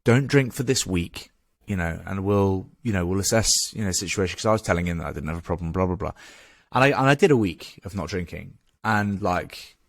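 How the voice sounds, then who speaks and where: A man's voice: sits low, fast talker, vocal fry, a bit bright, no room sound, clean studio sound. A man in his thirties with an English accent, a podcast guest telling a candid story in a frank, casual way, swearing and restarting as he goes.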